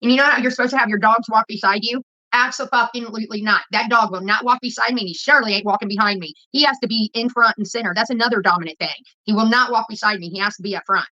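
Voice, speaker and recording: A woman rambles through a blunt, profane rant to her viewers. Her voice is high, bright and sharp, and she talks fast. The audio is dull and lo-fi, like a phone recording. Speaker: vlogger. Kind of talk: casual rant to camera.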